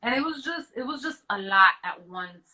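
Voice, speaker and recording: A woman's voice: fairly high pitch, expressive, normal speed, pushed and bright, low-quality recording. A woman in an interview, earnestly telling her own story, often restarting her sentences and acting out what others said to her. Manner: frequent restarts and trailing off.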